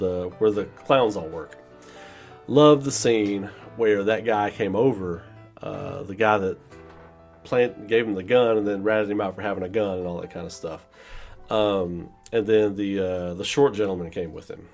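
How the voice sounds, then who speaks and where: Rambling low-voiced man reviewing a film. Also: a little mellow. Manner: rambling, with constant "you know" fillers; acts out scenes in quoted voices. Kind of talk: casual spoken movie review.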